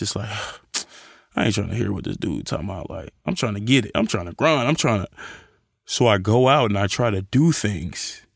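A man's voice: mid-range voice, no room sound. Young guy podcast host, fired-up faith talk, slangy, dry close sound. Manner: animated, acts out voices in quotes, casual slang.

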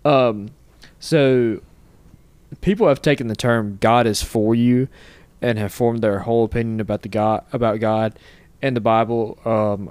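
A man's voice: lowish voice, a little mellow, clear, resonant tone, dry recording. A man co-hosting a casual faith discussion, speaking thoughtfully and working from his notes.

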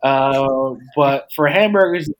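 A man's voice: medium pitch, takes it slowly. A man in a casual podcast debate, rambling with many fillers and restarts. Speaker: debater defending hot dogs.

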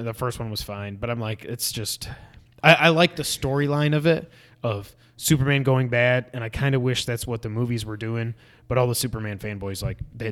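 A man in easy conversation who talks in quick bursts, trails off, and jumps from topic to topic. His voice sits in a middle register, and he keeps things light with offhand jokes. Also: mid-range voice, a bit bright. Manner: quick, rambling, jokey asides. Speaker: podcast co-host. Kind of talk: casual chat about movies and games.

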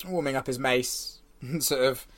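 A man's voice: medium pitch, measured pace. Man running a tabletop game, chuckling. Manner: chuckling, relaxed storytelling with many fillers. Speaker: game master.

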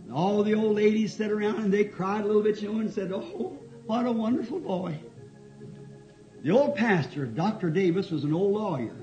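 Fervent preacher, lo-fi tape. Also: male voice, high voice, fast talker, few pauses. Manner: fervent, folksy, storytelling, sudden shouts. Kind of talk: sermon. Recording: dull lo-fi old tape, faint music.

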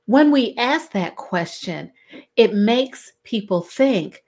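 A middle-aged woman, talking to her listeners in a casual, expressive way and acting out the questions she quotes. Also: slow. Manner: expressive, acts out quoted questions with big pitch swings. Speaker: host.

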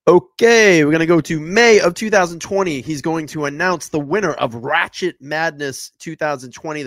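A man's voice: medium pitch, sharp tone, no echo, studio quality. A man hosting a livestream casually, reading out donations and introducing clips. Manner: easygoing, reads donations aloud. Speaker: livestream host.

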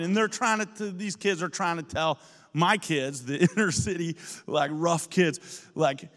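A man preaching a sermon as pastor, telling stories with animated energy that builds to shouting. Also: sits high, moderate pace, in a large hall. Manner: animated storytelling, rising to shouts.

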